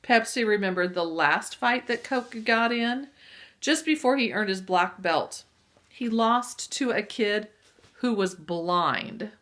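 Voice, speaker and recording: A woman reading a children's adventure novel aloud with lively storytelling and occasional asides to listeners. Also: medium pitch, slow pace. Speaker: reader.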